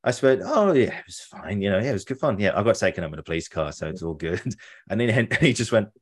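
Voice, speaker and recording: A man's voice: on the low side, expressive, fast talker, breathy edge. A young adult man in casual chat, telling a long story with restarts and laughs.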